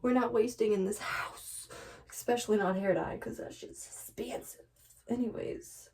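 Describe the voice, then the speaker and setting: A woman's voice: fairly high pitch, steady tone, normal speed, a little mellow. A woman chatting in a casual vlog, nervous and giggly, laughing often while she works. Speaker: beauty vlogger. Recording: distant from the mic.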